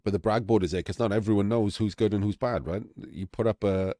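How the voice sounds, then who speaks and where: A man's voice: fairly low pitch, fairly even intonation, quick pace, mellow, no echo, studio quality. A man hosting his own channel, talking candidly and self-deprecatingly to camera in a casual vlog. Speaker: channel host.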